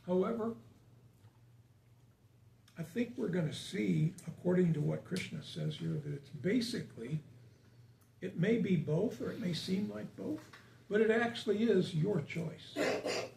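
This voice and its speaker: With a measured pace and frequent pauses, a man gives a very animated, conversational spiritual talk, questioning a small live audience. His voice sits high, creaky and warm, and the distant mic yields a roomy sound with faint hiss.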